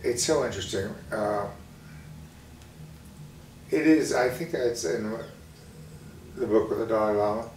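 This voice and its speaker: Calm man in a roomy, far-off recording. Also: fairly low pitch, unhurried, pauses often. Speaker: psychologist guest. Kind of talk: interview conversation. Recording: roomy room sound from a distant mic, faint noise.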